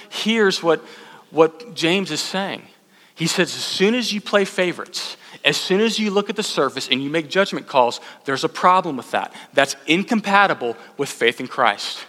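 A young man from Texas preaching a sermon to a church congregation, conversational and animated, with asides to the listeners. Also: high voice. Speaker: pastor. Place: church sanctuary. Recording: long hall reverb.

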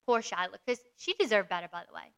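A woman's voice: medium pitch, quick pace, gravelly, smooth. A young adult woman co-hosting a podcast, retelling a book's plot in casual chat with lots of "like". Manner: animated plot retelling, frequent "like". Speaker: podcast co-host.

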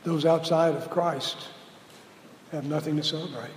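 A man preaching a sermon as pastor, slow and deliberate, building to loud emphatic peaks. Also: fairly high pitch, fairly even intonation, a little hiss or hum. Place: church sanctuary. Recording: roomy hall reverb with faint ambience.

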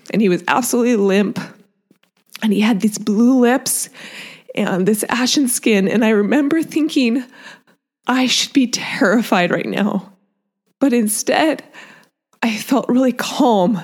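A woman in her thirties recounts a personal story as a heartfelt testimony. She speaks earnestly and reflectively, at a medium pitch, and now and then sinks to a soft near whisper. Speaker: mother sharing a personal story.

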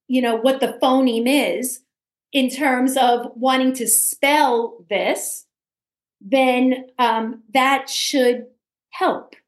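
A woman's voice: high voice, reverberant. A woman host with a New York accent, chatting in an interview and hesitating with ums while she searches her notes. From Brooklyn. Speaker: podcast host. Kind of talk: casual interview chat.

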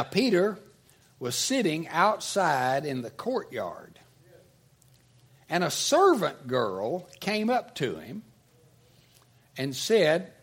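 A man's voice: on the high side, husky. A man with a Southern US accent preaching an earnest, conversational sermon and reading scripture aloud. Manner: earnest, conversational, restarts often. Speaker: pastor.

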